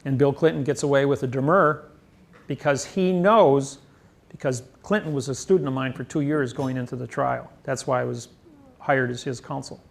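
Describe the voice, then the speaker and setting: A man's voice: medium pitch, steady tone, normal speed, creaky. A man lecturing on grammar, rambling emphatically and boasting about himself. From United States. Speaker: seminar lecturer.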